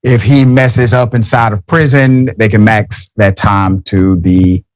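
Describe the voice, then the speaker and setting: A man's voice: fairly low pitch, steady tone, a little slow, no room sound. A man hosting a radio talk show, giving emphatic commentary with wry asides into a studio microphone.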